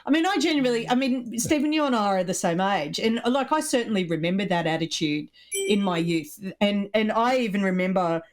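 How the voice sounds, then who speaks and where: A middle-aged woman with an Australian accent, co-hosting an animated, opinionated political podcast chat. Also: medium pitch, a little fast. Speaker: podcast co-host.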